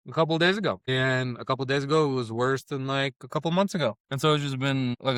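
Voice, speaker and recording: A man's voice: mid-range voice, fairly bright tone, smooth, dry recording. A middle-aged man vlogging casually about tacos, rambling and swearing as he eats and talks through his grief, close to tears. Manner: profane, rambling, shifting between eating noises and sad confession. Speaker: food vlogger and comedian. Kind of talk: casual food review vlog. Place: on camera at a taco restaurant.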